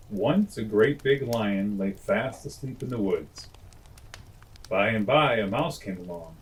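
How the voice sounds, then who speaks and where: A man with a fairly low voice reads classic children's tales aloud as a bedtime storyteller. He sounds gentle and homely, slipping in friendly chatty asides between the lines. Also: lively intonation, measured pace, rough recording.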